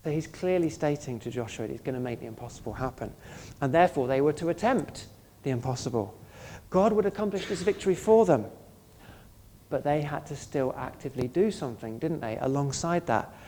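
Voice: mid-range voice, expressive, brisk, dark tone, a little hiss or hum. A pastor preaching a sermon in an earnest, conversational way, often asking the listeners questions.

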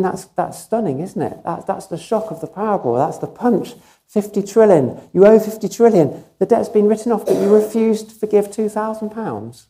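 Mellow-voiced male preacher. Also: on the high side. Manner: emphatic, vivid storytelling with repeated phrases. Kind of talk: sermon.

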